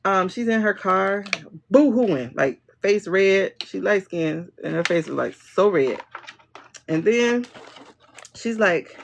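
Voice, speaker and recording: A woman's voice: medium pitch, animated, takes it slowly, vocal fry, a little hiss or hum. A woman doing a livestream tarot and pendulum reading, talking bluntly and joking with her viewers.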